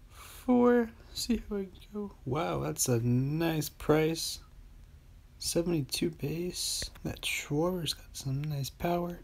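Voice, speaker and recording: A man's voice: on the high side, creaky. A man hosting a mobile baseball game channel, casually commenting as he opens card packs. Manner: relaxed, talking to himself while opening packs. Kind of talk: casual pack-opening commentary.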